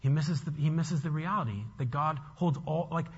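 Husky male preacher in a reverberant hall. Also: fairly high pitch, normal speed. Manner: animated, conversational, frequent restarts. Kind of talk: expository sermon. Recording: long hall reverb, dull lo-fi sound.

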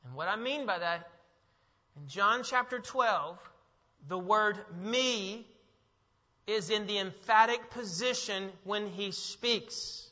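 A male pastor preaching a sermon in a church, moving from hushed reflection to emphatic, rising delivery. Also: high voice, slow. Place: church sanctuary. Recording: muffled sound with long hall echo.

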